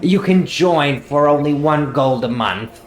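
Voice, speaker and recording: A man voicing a pushy male tavern keeper in a tabletop game, pitching memberships in an upbeat, salesy way. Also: animated, a little slow. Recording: roomy echo.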